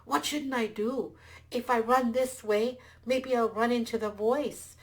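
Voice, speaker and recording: A woman's voice: on the low side, expressive, slow pace, a bit bright. A woman doing a fretful, bluffing donkey. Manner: fretful, then boastful. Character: frightened then bluffing male donkey.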